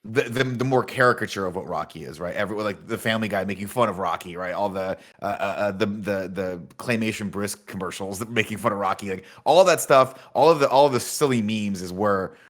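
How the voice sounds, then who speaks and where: A man's voice: fairly low pitch, a little fast, hardly any pauses. A man co-hosting a podcast, talking about a movie with enthusiasm, swearing and acting out lines. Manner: animated, enthusiastic, profane, acts out movie lines. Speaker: podcast co-host. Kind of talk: casual movie review chat.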